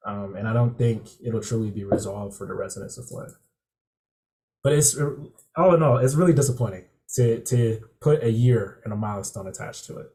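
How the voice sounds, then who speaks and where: A young man joins a panel discussion over a video call. His voice is dark and mellow. He talks in a reflective, hesitant way and fills his pauses with "um" and "like.". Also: lowish voice. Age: young adult. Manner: reflective, hesitant, many fillers. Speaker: youth panelist.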